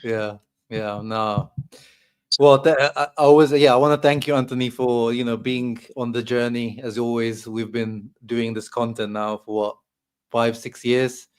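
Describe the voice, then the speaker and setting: A man's voice: mid-range voice, level tone, unhurried, clean tone. Easygoing man hosting a football chat. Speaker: host.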